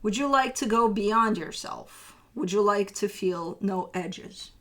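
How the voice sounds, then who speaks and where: A woman's voice: medium pitch, slow, a bit bright. A woman giving a casual tarot reading, chatty and loose, swearing now and then and slipping into teasing asides. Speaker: tarot reader.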